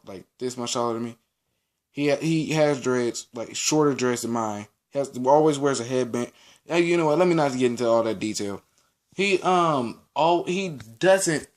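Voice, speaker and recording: A teenage male vlogger telling a school story in a casual, rambling way, with many restarts and acted-out quotes. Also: medium pitch.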